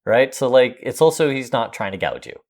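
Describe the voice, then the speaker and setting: Male podcast co-host, lively jokey game reviewer, mid-pitched voice with a wide swing. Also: fairly quick. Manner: animated, laughing, jokey asides. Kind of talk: casual chat.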